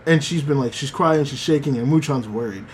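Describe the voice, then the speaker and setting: A man's voice: medium pitch, fairly quick, slight background noise. A man hosting a podcast, casually recapping an anime episode, rambling with many fillers. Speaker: podcast host.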